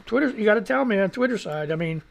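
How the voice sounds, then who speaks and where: A man's voice: sits high, lively intonation, fast, creaky. Rambling, foul-mouthed male radio host. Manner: rambling and profane, stumbling over words. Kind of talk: casual rambling news commentary.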